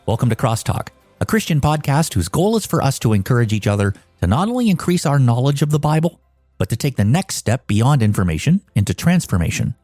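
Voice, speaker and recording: A man reading a scripted podcast introduction in a lively, expressive way. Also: medium pitch, brisk, no room sound, soft background music. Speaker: podcast narrator. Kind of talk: scripted narration.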